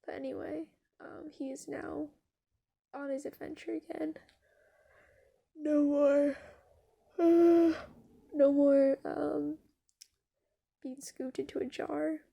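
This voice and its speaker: Woman, improvised casual storytelling, rambling with fillers, high voice, gravelly fry. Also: dark tone. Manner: rambling, filler-heavy, swearing, giggly.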